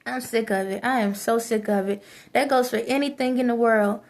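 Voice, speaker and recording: A high-pitched woman rants straight at her viewers. Her talk is preachy and scolding, hammering points home by repeating them. It is casual, unscripted vlog talk. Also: fairly even intonation, moderate pace, gravelly, darkish tone. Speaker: vlogger. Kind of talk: ranting monologue to camera.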